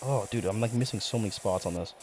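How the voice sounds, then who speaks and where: A man's voice: lowish voice, fast talker, a little mellow, a little hiss or hum. A young man live-streaming a game, rambling and swearing casually as he banters with his chat in mock outrage. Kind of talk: casual live-stream commentary while gaming.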